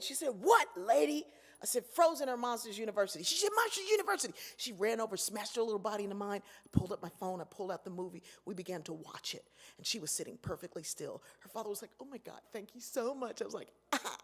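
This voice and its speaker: Animated woman telling stories in an echoey hall. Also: a little high, fast talker, hardly any pauses. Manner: animated, acts out voices in her stories. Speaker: keynote speaker. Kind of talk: storytelling keynote address. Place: large convention hall.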